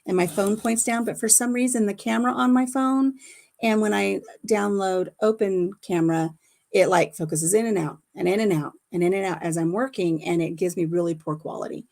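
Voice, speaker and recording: A woman's voice: medium pitch, steady tone, brisk, vocal fry, a little mellow. A middle-aged woman hosting a casual home livestream on her phone, chatty and laughing often as she retells conversations. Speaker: livestream host. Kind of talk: casual chat.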